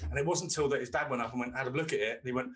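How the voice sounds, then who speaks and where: Man, forties, middle pitch, chatty, rambling, swears freely. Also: very fast, fairly bright tone. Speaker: podcast co-host. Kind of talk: casual chat.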